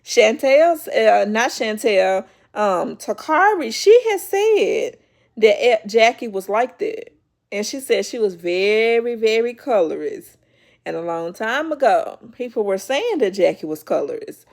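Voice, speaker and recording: Woman, vlog host, casual TV recap, chatty, animated, slightly high voice. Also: unhurried, gravelly. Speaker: YouTube show host.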